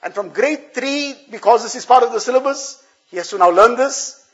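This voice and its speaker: A man's voice: very high-pitched, animated, moderate pace, fairly bright tone, lo-fi sound. A male preacher giving an earnest, explanatory sermon, repeating phrases for emphasis.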